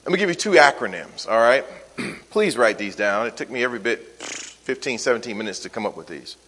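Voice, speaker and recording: A male pastor giving a sermon, swinging from loud emphatic calls to soft, weary asides. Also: mid-range voice, animated, brisk, slight background noise. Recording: long hall reverb.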